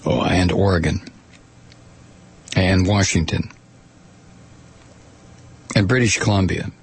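Husky-voiced man, wry and sardonic. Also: sits low, slow. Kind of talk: informal spoken commentary.

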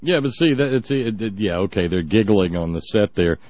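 A man hosts a talk show, sarcastically mocking the clips he plays and breaking into laughter and silly voices. His voice is lowish, expressive, and a little fast, on a dull lo-fi recording.

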